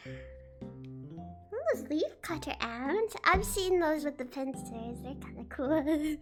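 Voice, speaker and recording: Super high-pitched aussie girl streamer, giggly and rambly, faint music behind. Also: animated, takes it slowly. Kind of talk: casual chat, reacting to videos.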